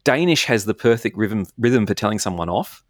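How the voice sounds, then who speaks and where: Rambling Australian man, low voice. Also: lively intonation, a little fast, no room sound, studio quality. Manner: rambling, self-deprecating, laughing often. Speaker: philosopher guest. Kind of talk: casual chat.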